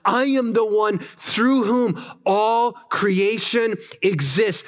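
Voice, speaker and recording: A man preaching who speaks as a divine savior in first person, making slow, emphatic declarations in a lifted voice. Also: sits high, fairly bright tone, pitched above the performer's own voice.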